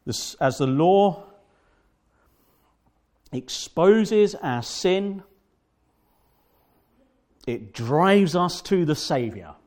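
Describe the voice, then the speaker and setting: A man preaching a sermon as pastor, fervent and emphatic, repeating phrases and slowing down to stress key words. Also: fairly high pitch, expressive, a little mellow.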